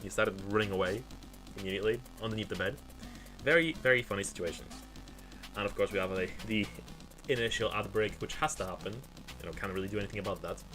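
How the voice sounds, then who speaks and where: A man's voice: fairly low pitch, quick pace, a bit bright, faint music behind. A male game streamer chatting casually at home, rambling with lots of fillers and restarts. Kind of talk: casual chat while gaming.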